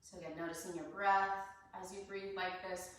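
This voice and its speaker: Yoga teacher lady, calm slow breathing cues, lowish voice, echoey room kinda far from the mic. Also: a little hiss or hum. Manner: calm, unhurried guidance with soft laughs. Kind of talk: guided breathing instruction.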